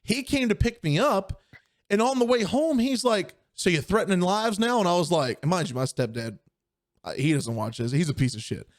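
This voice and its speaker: A man's voice: high voice, expressive, moderate pace. A young man co-hosting a podcast, telling a story in casual chat and acting out the people he quotes. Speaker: podcast co-host.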